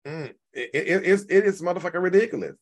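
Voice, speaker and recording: A man in his forties hosting a casual live-stream rant, animated and profane, repeating himself and now and then breaking into shouts. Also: high-pitched, fast talker. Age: 40s. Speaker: YouTube commentary host.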